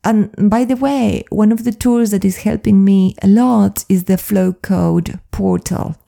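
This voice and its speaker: A woman flow coach speaking in an earnest, confiding, soft-spoken personal monologue. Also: mid-range voice, fairly even intonation, unhurried, vocal fry.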